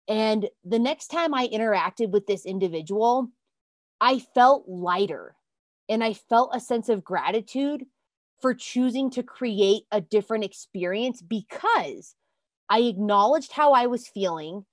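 A woman hosting a self-help podcast, giving a motivational talk in an earnest, emphatic way, calling her listeners "you guys" and bursting into excited exclamations. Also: a little high, a little slow, no room sound, clean studio sound.

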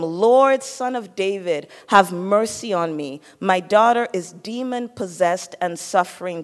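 A woman preaching a sermon, teaching and putting questions to her listeners. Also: medium pitch. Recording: long hall reverb.

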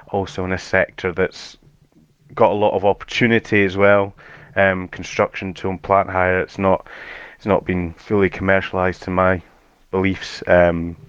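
A man's voice: low-pitched, a bit bright, clean tone, no echo, muffled recording. A young man with an Edinburgh Scottish accent, chatting modestly as a podcast guest and laughing often. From Scotland. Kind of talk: casual interview chat.

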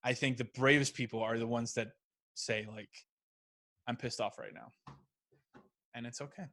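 A man's voice: mid-range voice, steady tone, normal speed, a bit bright, a little hiss or hum. A man talking as a podcast guest, candid and thinking aloud with frequent restarts. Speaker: guest, app founder. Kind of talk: casual conversation.

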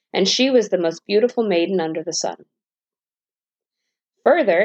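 A woman's voice: mid-range voice, darkish tone, no room sound. Woman reading a bedtime story. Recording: dull dry lo-fi recording.

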